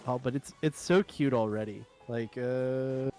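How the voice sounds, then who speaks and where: A man's voice: medium pitch, unhurried, a little mellow, soft background music. A man from South Carolina with a Southern accent, rambling through casual stream chat and laughing often. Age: adult, former military.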